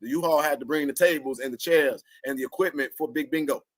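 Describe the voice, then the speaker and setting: A man with a slightly high voice rants quickly to his viewers, an online commentator who cusses and laughs often while staying animated and fired up. It's a dry recording.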